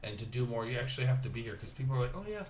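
A man from Southern California talking casually in his dining room, telling stories with lively impressions of other people. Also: medium pitch, very fast, slight background noise. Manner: animated storytelling, mimics other people. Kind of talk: casual conversation. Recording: roomy home dining room.

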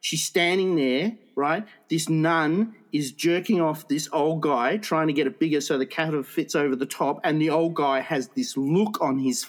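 A man's voice: fairly high pitch, moderate pace, hardly any pauses. A man with a slightly raised voice tells a story in loose, casual chat. He rambles, laughs often and trips over his words.

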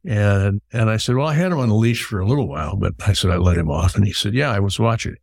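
A middle-aged podcast host talks fast in a lowish, creaky voice, captured as clean studio sound with no room sound. Hosting an interview, he tells long stories in a conversational style and repeats words as he starts his sentences.

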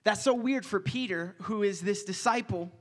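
Young man, high voice, casual youth sermon, energetic, jokey asides, repeats himself. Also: moderate pace. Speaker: youth pastor.

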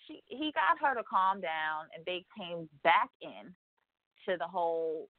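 This radio co-host has a medium-pitched voice and dishes reality TV gossip with sass, profanity, and rambling, acting out quotes along the way. The sound is dry and phone-like, narrow, with no room sound.

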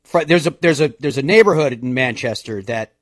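Man, golf radio host, casual, jokey, mid pitch, dry close sound. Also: brisk, no room sound. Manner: chatty, jokey, rattling off schedules.

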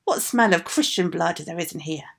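Troll: woman puts on a shrill, husky screech, fierce storybook brute. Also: lively intonation, moderate pace. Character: screeching three-headed male troll, fierce.

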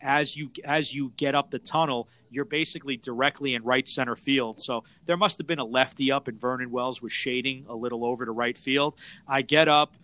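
A man on a podcast telling a story in a relaxed, casual way, pausing on fillers as he thinks. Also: medium pitch. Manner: relaxed, hesitant with fillers, reflective.

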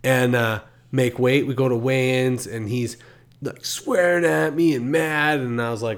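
A man's voice: mid-range voice, steady tone, a little slow. A podcast host with a mid-range male voice, telling long, winding stories in casual chat. He keeps mimicking the people in his tales as he goes. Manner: rambling storyteller, quotes people in voices.

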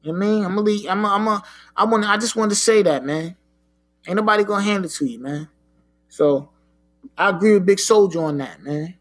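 High-voiced man talking frank street talk. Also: fairly quick. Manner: frank, profane street talk with frequent "you know what I'm saying". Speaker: podcast host. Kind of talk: casual solo talk.

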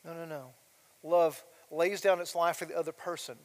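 A man's voice: a little high, little pitch movement, moderate pace. A middle-aged man, preaching a sermon as a pastor in a conversational way, full of asides and rhetorical questions. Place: church sanctuary. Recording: long hall reverb of a church.

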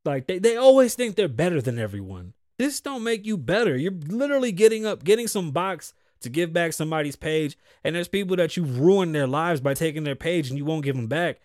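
A man on a talk show delivers an animated, profane rant, his slightly high voice swinging from loud outbursts to muttered asides. The sound is dry and close to the mic. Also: a little fast, hardly any pauses, no echo. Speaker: podcast host. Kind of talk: casual commentary rant.

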